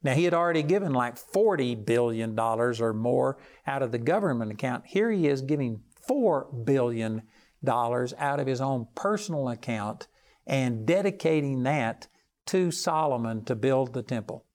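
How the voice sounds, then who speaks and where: A man's voice: animated, moderate pace, darkish tone. A man preaching a televised sermon, telling stories earnestly and rising for emphasis. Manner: earnest storytelling, rises in pitch for emphasis.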